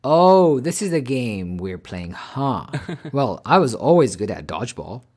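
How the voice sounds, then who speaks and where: A man's voice: mid-range voice, sing-song, measured pace, a little mellow, breathy edge, full character voice. A man voicing a playful storybook dad. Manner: teasing and playful. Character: playful young dad, teasing. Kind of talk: kids' audio story acting.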